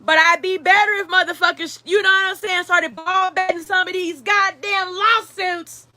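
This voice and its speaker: A woman's voice: very high voice, fairly even intonation, moderate pace, pitched above the performer's own voice. A woman voicing a jailed male mogul who gives bossy, profane orders.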